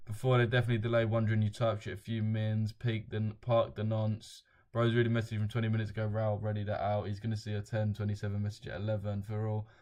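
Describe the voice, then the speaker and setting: In a fairly low, slightly mellow monotone, the young host of a casual trading livestream talks quickly with few pauses. He reads viewer comments aloud with a chuckle, speaking bluntly in slang and swearing freely.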